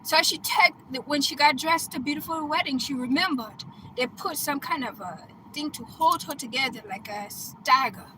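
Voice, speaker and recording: High, bright-voiced excitable woman. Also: normal speed, slight background noise, poor audio. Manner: excitable, laughing, bursts into loud exclamations; chatty, checks in with "right?" and "okay?". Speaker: coach. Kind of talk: casual retelling of a film plot.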